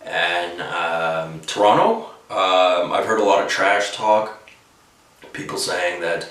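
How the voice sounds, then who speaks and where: A man's voice: deep voice, expressive, takes it slowly, fairly bright tone, far from the mic. A man giving his hockey opinions in casual, rambling talk, full of fillers. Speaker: hockey commentator. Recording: echoey room, voice off-mic.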